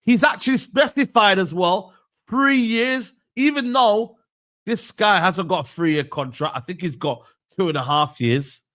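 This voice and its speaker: Man, ranting streamer, bright sharp voice, very expressive. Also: high-pitched, unhurried. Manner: ranting, slangy, repeats "bro" and "are you mad". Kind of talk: heated reaction stream.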